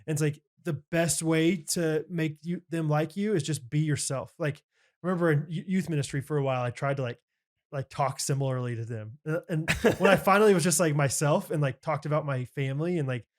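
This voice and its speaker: A man's voice: a little high, brisk. A man co-hosting a podcast in casual chat, rambling with lots of fillers and restarts, joking and laughing easily. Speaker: podcast co-host.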